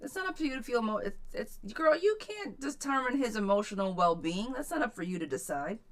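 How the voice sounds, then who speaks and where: A woman's voice: a little high, sing-song, a little fast. A woman giving a live-streamed tarot reading, brash and profane but affectionate. She calls viewers pet names and repeats phrases for emphasis. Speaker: tarot reader.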